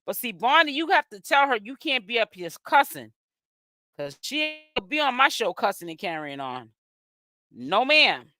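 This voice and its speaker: Big pitch swings mark this medium-pitched, bright, forceful voice of a sassy Boston-accented host. She's from Boston, Massachusetts, and runs a celebrity gossip channel, giving chatty live-stream commentary as she reads the chat, with drawn-out exclamations.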